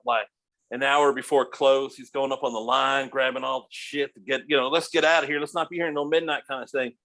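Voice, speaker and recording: A middle-aged man telling restaurant stories as a podcast guest, animated, profane and laughing as he goes. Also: medium pitch. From United States. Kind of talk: casual storytelling.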